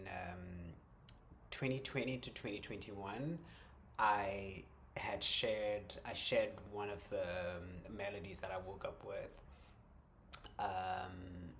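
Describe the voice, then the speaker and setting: Slow, low-voiced man musing aloud. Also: a little hiss or hum. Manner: halting, many ums and restarts, soft chuckles. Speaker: vlogger. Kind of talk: reflective personal vlog.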